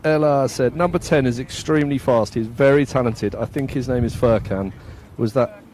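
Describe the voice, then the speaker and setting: A man's voice: medium pitch, normal speed, a little mellow, a little hiss or hum. A man from England giving casual, self-mocking live commentary at an outdoor football match, laughing often and reading out viewer comments.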